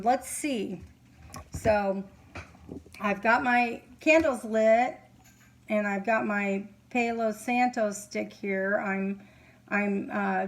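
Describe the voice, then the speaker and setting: A middle-aged woman talking to camera at home as a psychic reader, earnest and halting, sleepy and yawning. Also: mid-range voice, low-quality recording. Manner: earnest, halting, many fillers. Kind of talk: casual monologue to camera. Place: home, candles lit.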